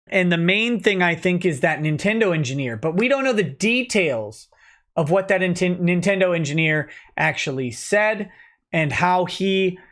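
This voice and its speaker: A man's voice: high voice, fairly bright tone. Chatty male livestream host. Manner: chatty, reads chat comments aloud and reacts. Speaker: livestream host reading chat. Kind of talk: casual livestream commentary.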